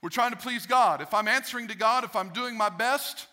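A man's voice: high voice, quick pace, hardly any pauses, sharp tone. A male pastor preaching a sermon emphatically, repeating key phrases for effect.

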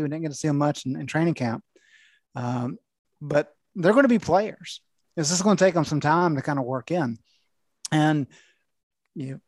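A man, a veteran sports reporter, explaining things in a measured, rambling way. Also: on the high side, darkish tone, no room sound. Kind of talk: casual sports analysis.

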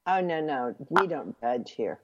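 A woman's voice: deep voice, expressive, measured pace. A woman hosting an interview, prompting her guest with encouraging questions. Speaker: host. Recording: dull echoey recording.

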